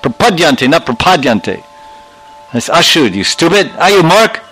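A jeering, cackling crowd of mockers in a pitched-up voice, as a man puts them on. They taunt and sneer rudely. Faint music and chimes sit behind them. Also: sing-song, normal speed, pushed and bright, heavily acted, rough recording. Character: jeering male mockers, scornful and rude.

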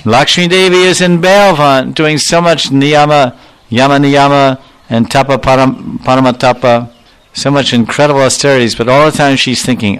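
A man's voice: medium pitch, steady tone, moderate pace, fairly bright tone, clean tone. Guy giving a spiritual talk, tells the story and acts out the lines, medium voice. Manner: storytelling, acting out dialogue with quoted Sanskrit-Bengali terms. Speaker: spiritual teacher. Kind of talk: devotional lecture.

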